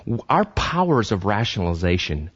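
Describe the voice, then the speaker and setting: A man's voice: on the low side, very animated, moderate pace, slightly rough, lo-fi sound. A man preaching a conversational sermon in church. He often stumbles over repeated words and throws questions to the congregation. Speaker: pastor.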